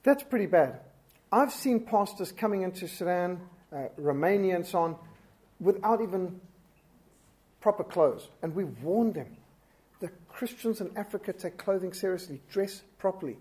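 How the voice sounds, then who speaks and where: A man who preaches, teaching public speaking in an animated, emphatic way. He often jumps up in pitch and loudness to drive his points home. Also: moderate pace. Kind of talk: instructional talk.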